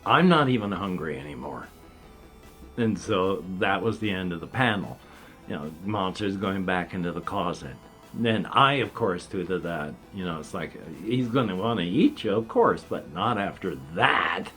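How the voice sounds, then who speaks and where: Low-voiced older man rambling wryly. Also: normal speed, a bit bright, faint music behind. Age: 50s. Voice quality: slight denture whistle. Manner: meandering, wry gallows humor, trailing off. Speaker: vlogger. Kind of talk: rambling casual monologue.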